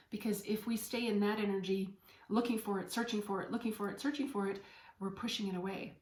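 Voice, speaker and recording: A woman hosting a podcast as a spiritual medium, speaking in an earnest, heartfelt and gently encouraging way. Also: medium pitch, steady tone, a little fast. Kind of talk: inspirational spiritual talk. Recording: echoey room.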